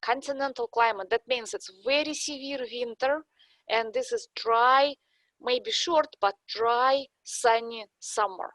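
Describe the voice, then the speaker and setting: A woman with a thick Russian accent speaks in a high, light voice, patiently lecturing and laying out her points one example at a time. The recording is close and dry, with almost no room sound, as she answers as the expert guest on a podcast. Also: lively intonation, a little slow, fairly bright tone, dry recording. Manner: lecturing, explains step by step with examples. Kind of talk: podcast interview, explaining.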